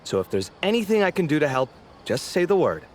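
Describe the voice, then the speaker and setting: A man's voice: fairly high pitch, a little hiss or hum. A theatrical friendly young man. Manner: expressive, theatrical, quick to bicker. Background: game music.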